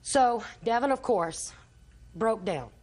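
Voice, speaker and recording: A woman's voice: a little high, expressive, slow pace, darkish tone. An older woman, a grandmother testifying as a litigant in a TV courtroom, telling her story at length and acting out everyone's quoted lines.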